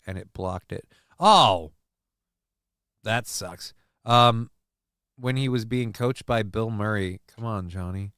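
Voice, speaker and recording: A man's voice: lowish voice, slow pace, long pauses, a bit bright, clean tone, no room sound, clean studio sound. A man hosting a casual livestream, rambling, swearing freely and poking fun at himself while reading chat. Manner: rambling, profane, self-mocking. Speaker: livestream host.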